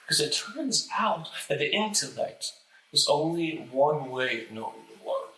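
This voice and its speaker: A man with a stutter recites a spiritual lecture in a slow, deliberate way, pausing often. His voice is bright and clear. The room around him sounds echoey. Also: on the high side, sing-song. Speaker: host reciting a famous lecture.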